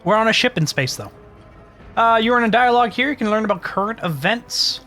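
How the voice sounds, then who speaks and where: High, bright-voiced male streamer. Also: animated, brisk. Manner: offhand, with frequent fillers. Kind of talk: casual gameplay commentary. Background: game music.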